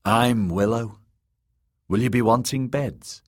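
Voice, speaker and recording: A man's voice: mid-range voice, takes it slowly, pitched above the performer's own voice. A man voicing a wary, blunt ten-year-old girl who runs an inn, read as an audiobook character. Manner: blunt, suspicious.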